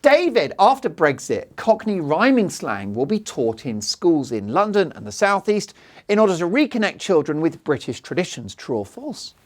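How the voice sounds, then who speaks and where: A man's voice: on the high side, sing-song, normal speed. A man hosting a comedy news quiz, reading questions and teasing his panel with wry jokes. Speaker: quiz show host.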